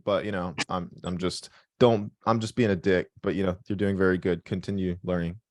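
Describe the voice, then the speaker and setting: A man's voice: sits low, fairly even intonation, a little fast, a little mellow, no echo, studio quality. A man hosting a live trading session, talking bluntly, joking and swearing freely as he explains his trades. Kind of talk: live call-in session, casual profanity.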